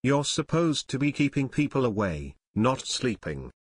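A man's voice: mid-range voice, sing-song, unhurried, husky, dry recording. A man reading an audiobook, voicing a harsh, sneering adult gang leader in a dry, close recording. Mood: angry.

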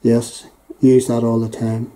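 An older man with a Northern Irish Belfast accent, chatting casually as a YouTube host while reading out local phrases, chuckling often and filling pauses with ums and uhs. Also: medium pitch, completely flat delivery, mellow, rough recording. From Northern Ireland.

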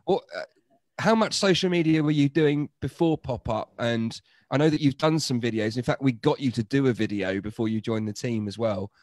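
A man's voice: mid-range voice, normal speed, darkish tone, no echo, clean studio sound. A man hosting a livestream interview, asking questions in a teasing, informal way over a video call. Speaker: host.

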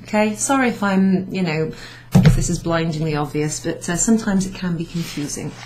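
With a noisy background, a Welsh French teacher gives beginners a chatty recorded summary, correcting herself at the board and alternating French and English with light laughs. She speaks a little fast in a lowish voice.

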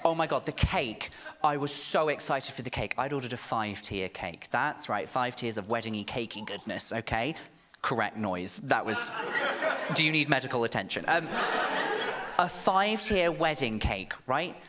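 A man performing a camp, animated stand-up set on a comedy club stage. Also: medium pitch, normal speed, noisy background. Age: 30s. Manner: camp, animated storytelling with sharp asides.

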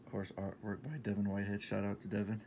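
A man in his thirties talking casually in a shopping haul vlog, enthusiastic and repetitive, sometimes dropping to a soft half-whisper. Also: fairly low pitch, little pitch movement, fast talker, vocal fry, a little hiss or hum. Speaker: vlogger showing a shopping haul.

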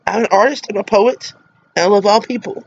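A woman's voice: medium pitch, a little fast, creaky, a little hiss or hum. A middle-aged woman with a Southern American drawl talks straight to camera, earnest and emotional. She preaches from her soapbox with heartfelt conviction. The recording is dull and lo-fi, like a home video. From Mississippi, USA. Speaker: vlogger.

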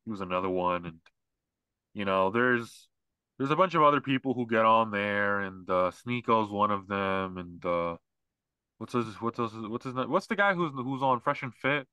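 A man's voice: lowish voice, expressive, normal speed, sharp tone, smooth, no echo. A man co-hosting a podcast, ranting in casual, mocking chat with lots of fillers. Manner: ranting, mocking, mimics others. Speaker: podcast co-host.

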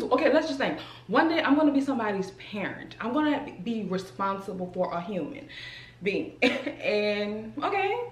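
A woman's voice: on the high side, roomy sound. A young woman with a Southern US accent talking casually and animatedly to her viewers in a home vlog. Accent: Southern US, New Orleans area. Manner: animated, addresses viewers as y'all and child. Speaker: vlogger.

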